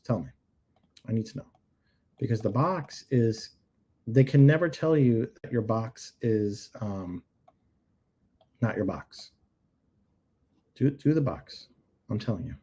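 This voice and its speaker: This livestream host's voice sits mid-range, warm and slightly rough. Reviewing product listings on his screen during a live show, he keeps the chat casual, jokes on the side, and repeats points for emphasis.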